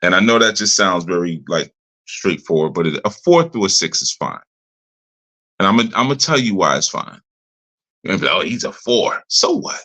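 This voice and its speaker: A man's voice: low voice, sing-song, brisk, pauses often, sharp tone. A middle-aged man teaching a ministry audience in a direct, conversational way, repeating his points for emphasis. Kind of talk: informal teaching talk.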